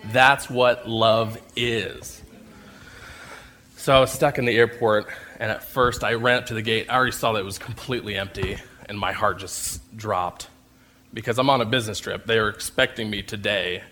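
A man's voice: lowish voice, steady tone, moderate pace, pushed and bright, a little hiss or hum. A man telling a personal faith story, acting out scenes and laughing at himself as he goes. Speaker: speaker sharing a faith testimony.

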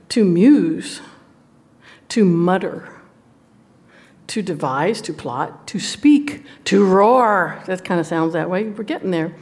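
A woman with a Southern US drawl leads a Bible study at an unhurried pace. She is folksy and playful, and she draws out scripture slowly for her group. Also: mid-range voice, darkish tone. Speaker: women's Bible study teacher. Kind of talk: Bible teaching to a live group.

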